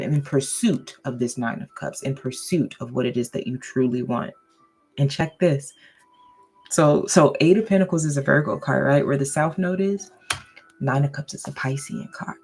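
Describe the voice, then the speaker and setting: This woman's low-pitched voice carries vocal fry as she delivers a lighthearted, silly tarot and astrology reading. Frequent laughter mixes with direct check-ins like "okay?" aimed at the audience.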